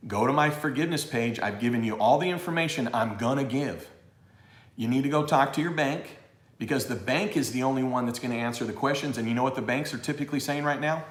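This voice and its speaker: A man in the middle of a live tax Q&A, animated and plainly exasperated as he mocks imagined callers. His voice sits at an ordinary pitch. The recording carries a roomy echo. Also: a little fast. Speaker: tax educator on a live show. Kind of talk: fired-up live Q&A rant.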